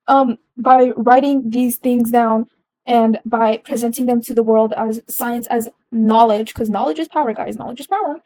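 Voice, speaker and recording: A woman's voice: on the high side, fairly even intonation, normal speed, darkish tone, dry recording, rough recording. A young adult woman giving a casual explanatory talk, earnest, with frequent ums and restarts.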